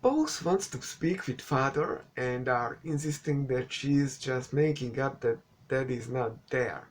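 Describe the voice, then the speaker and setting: A man's voice: mid-range voice, unhurried. A man whose first language is not English, giving a casual, sarcastic spoken movie review and swearing now and then. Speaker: film reviewer.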